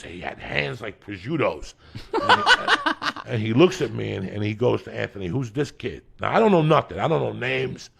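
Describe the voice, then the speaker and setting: Middle-aged man, gravelly and husky, lively profane storyteller. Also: mid-range voice. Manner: profane, acts out quotes with shifting loud voices. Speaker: storytelling podcast guest. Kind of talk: animated comedic storytelling.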